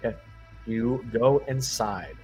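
A man narrating as game master, describing scenes in a relaxed way with frequent pauses and fillers. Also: mid-range voice, slightly rough, soft background music, rough recording.

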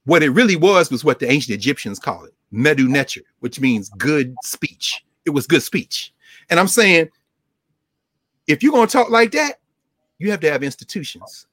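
A man's voice: on the high side, normal speed, breathy edge, dry recording, clean studio sound. A man speaking as a scholar and co-host in an impassioned, lecture-style talk, rhythmic and emphatic, often repeating his points. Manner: animated, rhythmic, emphatic repetition.

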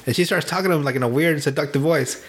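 A man with a fairly high voice chats casually as a podcast host, recounting film scenes with a lot of swearing and frequent laughter. He talks over an online call from home. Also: rapid-fire. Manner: animated, profane storytelling with frequent laughter. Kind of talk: casual chat.

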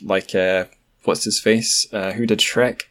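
Scottish male co-host, deep voice, relaxed chat, wry asides. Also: slow. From Scotland. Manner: chatty, joking asides. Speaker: podcast co-host. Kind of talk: casual chat.

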